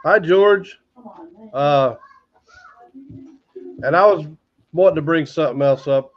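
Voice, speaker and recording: A man's voice: a little high, slow. An American man hosts a casual livestream, talking in an easygoing, rambling way and retelling conversations. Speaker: livestream host. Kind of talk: casual live-stream chat. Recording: dull lo-fi livestream audio.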